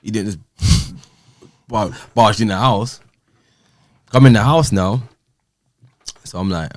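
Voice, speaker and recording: Low-voiced man, casual and animated as he recounts events; dry studio sound. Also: a little slow, pauses often, no echo. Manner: animated, acts out quoted exchanges. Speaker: podcast guest. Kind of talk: casual storytelling.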